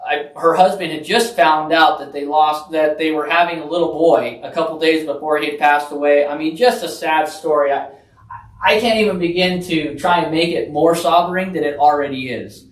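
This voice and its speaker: A person on a radio talk show, earnestly promoting a charity event in a casual way. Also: female voice. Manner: earnest, rapid promotional pitch. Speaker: event organizer guest. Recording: roomy, distant mic.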